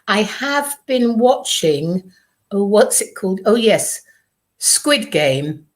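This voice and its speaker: A British woman on a radio chat show, wry and quick to laugh, answering the host with mock exasperation. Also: mid-range voice, sing-song. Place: radio studio.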